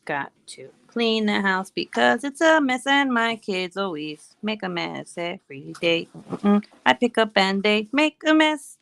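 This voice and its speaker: A woman's voice: medium pitch, sing-song, unhurried, creaky, a bit bright, slight background noise. A woman in her thirties, a mom at home in Hawaii, chatting casually, laughing often and humming little tunes. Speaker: vlogger. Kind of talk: casual chat while working.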